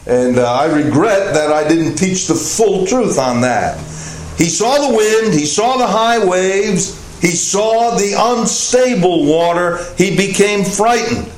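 High-voiced preaching man in an echoey room. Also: lively intonation, slow. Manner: earnest preaching with rising emphasis and frequent "uh" fillers. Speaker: pastor. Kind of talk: sermon. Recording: echoey room with faint noise.

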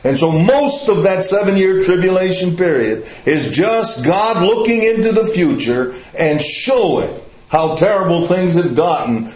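Slow, emphatic preacher man, echoey. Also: fairly high pitch, a little mellow. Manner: slow, emphatic, with questions to the listeners. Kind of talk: sermon. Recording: echoey room, slightly dull sound.

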